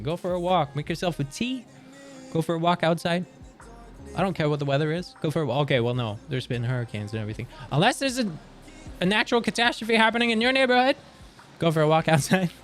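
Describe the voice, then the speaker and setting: A man's voice: a little high, expressive, fairly quick, fairly bright tone. A young man streaming from Canada, chatting casually with viewers, rambling and swearing as he reads chat aloud. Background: faint music.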